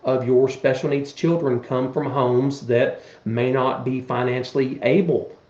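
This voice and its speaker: A man's voice: medium pitch, fairly even intonation, unhurried, a little mellow, reverberant, lo-fi sound. A man in his fifties talking earnestly on a podcast, rambling with many restarts as he explains his charity work. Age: 50s. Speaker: podcast guest, charity event organizer. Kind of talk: casual chat.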